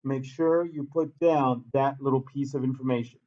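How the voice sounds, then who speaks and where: Animated male science teacher lecturing. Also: mid-range voice, moderate pace, dull audio. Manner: animated, repeats key points, quizzes students. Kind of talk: classroom lecture. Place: classroom.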